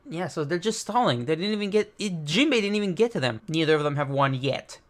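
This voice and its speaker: A man's voice: a little high, expressive, quick pace, hardly any pauses. Casual man reading a manga aloud. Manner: casual, reads dialogue aloud with light commentary. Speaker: manga reaction host. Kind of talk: reading and reacting to a manga chapter.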